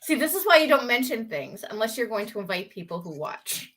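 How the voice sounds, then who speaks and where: A woman's voice: fairly high pitch, sing-song, fairly quick, fairly bright tone. A woman with a Southern US accent, co-hosting a casual live video chat, teasing and laughing often. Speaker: co-host.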